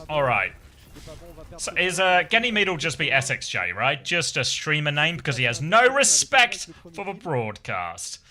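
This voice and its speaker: A man's voice: medium pitch, sharp tone. An English man streaming esports, chatting casually with his chat in a self-deprecating way and calling play-by-play.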